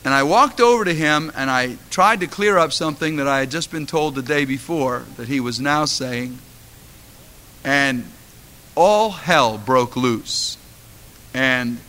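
A man's voice: on the high side, sharp tone, slight background noise. A middle-aged man, a pastor, delivering a sermon with impassioned storytelling that rises to fervent exhortation.

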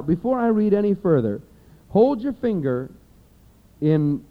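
A man preaching a sermon, lively and animated, acting out everyday scenes in different voices as he reads scripture. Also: on the high side. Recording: dull lo-fi recording.

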